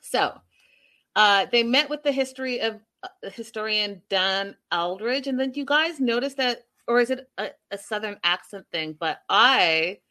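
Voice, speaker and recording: A woman's voice: medium pitch, bright, forceful tone. A woman chatting casually to her viewers as she recaps a show, often turning to them directly. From Canada.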